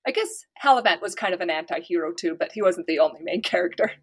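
A woman's voice: lowish voice, animated, quick pace, husky. A woman from the United States, an author, chatting casually in an interview and telling stories with light laughter. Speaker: author guest.

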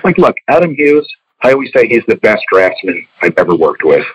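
A man's voice: fairly low pitch, very animated, fairly quick, husky, no echo. An older man, a comics artist and former editor, talking candidly in an interview, swearing freely and telling stories. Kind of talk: casual interview talk. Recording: dull lo-fi audio.

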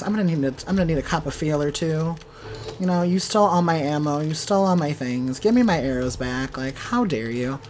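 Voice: medium pitch, normal speed, slight background noise. Playful chatty gamer commentating a let's play. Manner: playful, chatty, talks back to game characters; excitable outbursts and shouts during fights. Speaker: gaming channel host.

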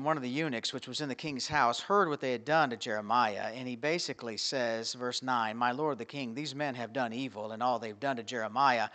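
A male pastor preaching an evening sermon in a church, full of rhetorical questions and swinging from loud to quiet. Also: medium pitch, a little fast, few pauses. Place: church sanctuary.

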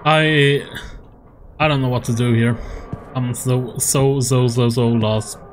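A man's voice: medium pitch, fairly even intonation, takes it slowly, slight background noise. A man commenting on a horror game as he plays it, swearing often and laughing at his own frustration. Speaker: gaming YouTuber. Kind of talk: let's play commentary.

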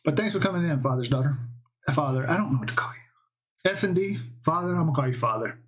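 A man's voice: fairly high pitch, lively intonation, fast talker, slight background noise. A man in his thirties streaming from home, chatting loosely with viewers, greeting them by name and swearing casually. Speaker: live streamer. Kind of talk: casual livestream chat.

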